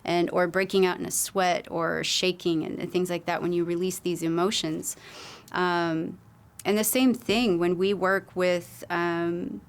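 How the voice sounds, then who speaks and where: A woman's voice: on the low side, fairly even intonation, unhurried, smooth. A woman wellness coach telling client stories on a podcast, earnest and rambling with many fillers. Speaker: holistic wellness coach, guest. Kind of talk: casual podcast conversation.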